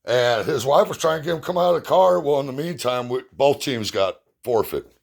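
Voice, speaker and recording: A man's voice: medium pitch, expressive, brisk, creaky. A middle-aged man casually telling a personal story in a blunt, plainspoken way, cursing freely. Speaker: youth baseball parent and assistant coach.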